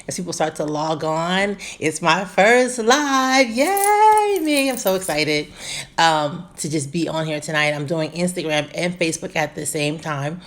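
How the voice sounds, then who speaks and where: A woman in her forties, a gynecologist, chatting casually on her first live stream, bubbly and greeting viewers by name with many fillers. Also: sits low.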